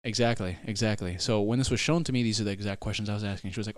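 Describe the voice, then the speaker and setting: A man co-hosting a casual sibling podcast, telling stories in an animated, profane way. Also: on the low side, racing, dry recording. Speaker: podcast co-host. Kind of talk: casual chat between siblings.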